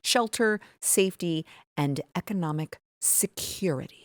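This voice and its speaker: A woman in her thirties hosting a political talk show, sarcastic and animated. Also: on the low side, no echo, studio quality. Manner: sarcastic, animated, quick asides. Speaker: host.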